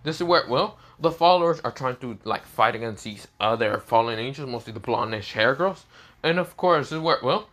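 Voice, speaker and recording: A man's voice: medium pitch, animated, a little fast, a bit bright. Rambling man narrating with a sore throat. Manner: rambling, full of fillers like "this is where, well". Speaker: fan story narrator. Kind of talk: improvised storytelling.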